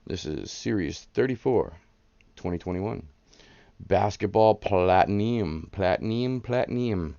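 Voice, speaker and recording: A man's voice: low voice, slow, vocal fry, dark tone, dry recording, lo-fi sound. A man in his thirties hosting a live card-breaking stream, chatting casually and hyping up the pulls. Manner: chatty, rambling, hypes up the pulls.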